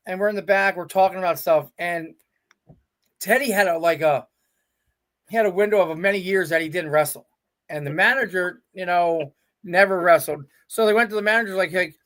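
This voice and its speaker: A middle-aged man, a veteran wrestler, telling stories as a guest and voicing the people he quotes. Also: high-pitched. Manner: animated storyteller, quotes people in their own voices. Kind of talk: casual storytelling interview.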